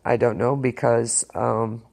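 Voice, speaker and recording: A man's voice: mid-range voice, little pitch movement, takes it slowly, vocal fry, a little mellow. A man hosting an internet radio show, talking in a rambling, hesitant way with many fillers and restarts, often sounding incredulous. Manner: incredulous, keeps saying wow. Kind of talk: casual chat.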